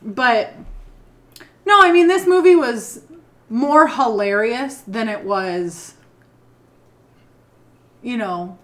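A woman co-hosting a casual movie review podcast, animated and swearing casually. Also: a little high, very slow, pauses often. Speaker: podcast co-host.

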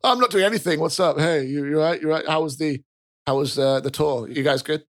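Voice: mid-range voice, a little fast, natural voice. A game master voicing an awkward, lovesick young male guard who stammers and mumbles defensive dismissals. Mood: eager.

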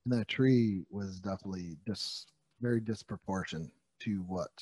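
A man's voice: low-pitched, normal speed, a little mellow, breathy edge. A middle-aged man in casual conversation, telling rambling, jokey stories and often correcting himself mid-sentence. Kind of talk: casual chat.

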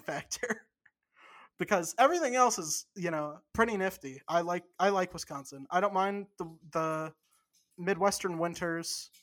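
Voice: mid-range voice, fairly bright tone. A podcast co-host in casual chat, rambling and cursing freely.

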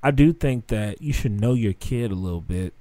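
A man telling animated stories in casual podcast chat, swearing freely. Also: fairly low pitch, normal speed, no echo.

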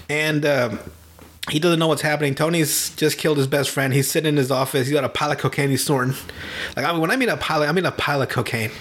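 A man hosting a podcast from home over an online call, telling stories in a lively, profane way and laughing often. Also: on the high side, fast. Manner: animated, profane storytelling with frequent laughter. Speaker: podcast host. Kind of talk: casual chat.

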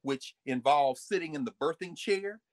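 A man, a professor, talking in an energetic storytelling way and acting out little asides and voices. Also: fairly high pitch, normal speed, no echo. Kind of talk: animated lecture-style talk.

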